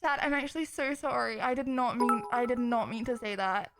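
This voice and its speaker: A young woman streamer in casual livestream chat, excitable and rambling, often apologising. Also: a little high, a little fast, music in the background.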